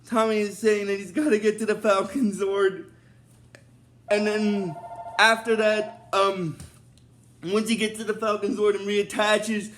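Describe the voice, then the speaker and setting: High-voiced man rambling through a recap. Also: slight background noise. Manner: rambling, with many fillers. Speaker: show recap host. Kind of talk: casual episode recap.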